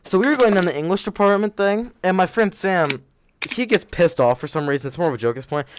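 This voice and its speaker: A man's voice: sits high, fast talker, background noise. Young man rambling through a story. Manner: rambling, self-correcting, laughs while telling stories. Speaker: podcast host. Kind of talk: casual storytelling chat.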